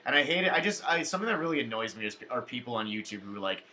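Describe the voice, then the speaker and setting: A man with a bright, forceful voice whose pitch jumps around a lot as he talks. He rants casually and swears freely in relaxed let's play banter. A faint room ambience sits behind him. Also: very fast, slight background noise. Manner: ranting, swears casually, lively. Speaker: co-host guiding the player.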